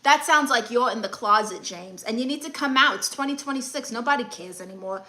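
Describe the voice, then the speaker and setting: A woman's voice: fairly high pitch, expressive, brisk, pushed and bright. A young woman comedian hosting a live stream, reading comments and handing out blunt, sassy advice.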